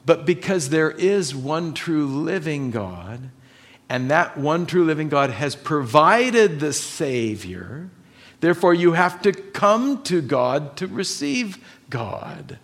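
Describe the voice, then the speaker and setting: A man's voice: fairly high pitch, big pitch swings, slow. A man preaching a sermon as pastor, emphatic, repeating his key points and asking his listeners questions.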